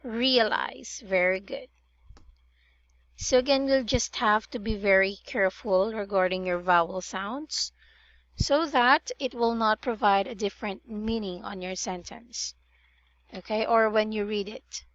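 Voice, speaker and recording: A woman's voice: mid-range voice, unhurried, fairly bright tone, muffled recording. A woman tutoring English pronunciation in a one-on-one online session, patiently drilling words and correcting vowel sounds.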